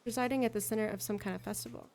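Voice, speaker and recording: A young woman streamer reading game text aloud as she plays, expressive, with loose chatty asides. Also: a little high, rapid-fire, creaky, slight background noise.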